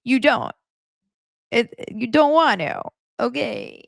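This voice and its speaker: A woman's voice: a little high, lively intonation, takes it slowly, creaky, no room sound, studio quality, voice pushed up, full character voice. A woman mimicking a needy, tipsy young woman who pleads over and over in a rising whine. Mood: pleading.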